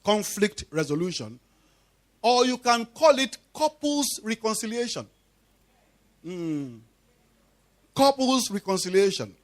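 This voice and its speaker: A man's voice: high-pitched, big pitch swings, takes it slowly, long pauses. A man preaching a sermon in church, who drives his point home through repetition and call-and-response questions to the congregation. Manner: emphatic call-and-response preaching, repeating key phrases. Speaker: pastor.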